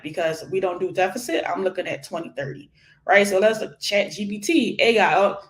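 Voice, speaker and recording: A woman from Philadelphia in her forties, an education nonprofit founder giving an energetic, animated interview and laughing often. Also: mid-range voice, normal speed. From Philadelphia, USA. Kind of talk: conversational interview. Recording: echoey room.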